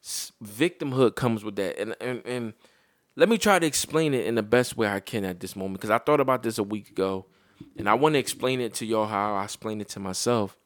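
A man's voice: fairly low pitch, fairly quick, dry recording, studio quality. A man and parent giving a blunt, heated, profane opinion monologue to his viewers.

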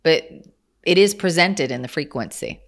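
A woman's voice: low voice, lively intonation, moderate pace, gravelly. A woman, from Kansas. She is a guest on an interview and explains her ideas earnestly, with small restarts as she talks. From Kansas, USA. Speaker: guest, channeler. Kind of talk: casual interview talk.

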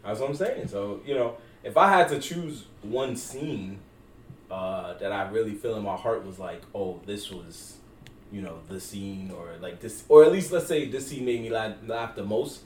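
A man chatting about movies in a relaxed podcast, telling scenes with lively put-on voices. He sits a little back from the mic in an echoey room, with faint noise behind. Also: on the low side, moderate pace. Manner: animated storyteller acting out scenes in slangy voices. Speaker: podcast co-host. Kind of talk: casual movie discussion. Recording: roomy, distant mic with faint background noise.

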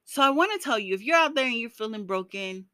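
This vlogger's voice sits on the high side, with lively intonation, a bright, forceful tone, and fast delivery, recorded with no echo. She addresses her viewers in an earnest, encouraging way full of "you know," getting emotional and laughing as she goes.

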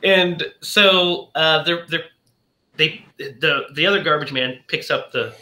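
A man's voice: on the high side, bright, forceful tone, roomy sound. A man hosting a podcast in casual chat, enthusiastic and chatty. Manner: enthusiastic, chatty, retells scenes with quick voices. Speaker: podcast host.

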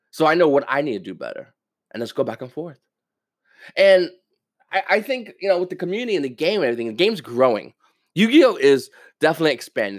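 A man talks fast in a casual solo podcast monologue, his pitch bouncing all over as he rants. He stammers, repeats himself and drops the odd curse word. The sound is dry and close. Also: dry recording. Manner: animated, ranting, stammers and repeats words, swears. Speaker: podcast host.

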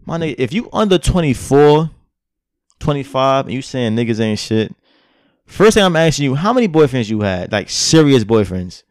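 A man's voice: medium pitch, big pitch swings, moderate pace, no echo, clean studio sound. A young man co-hosting a podcast in casual chat, speaking in a blunt, profane way. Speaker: podcast co-host.

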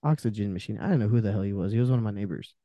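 Dark-voiced young man telling raw stories. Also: lowish voice, racing, no echo. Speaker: podcast guest. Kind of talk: candid personal storytelling in conversation.

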